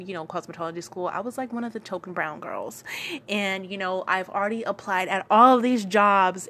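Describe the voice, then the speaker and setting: A woman's voice: mid-range voice, fairly bright tone. A young woman from Charleston, South Carolina, with a light Geechee accent, telling her story casually with many fillers and repeated lines. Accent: light Gullah Geechee, Lowcountry South Carolina. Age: young adult.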